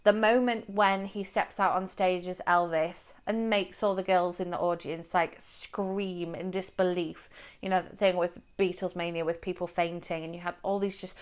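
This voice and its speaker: A woman's voice: on the low side, flat delivery, moderate pace, clear, resonant tone. A woman giving a casual spoken movie review to camera, chatty and rambling, with fillers and restarts. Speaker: book and film reviewer.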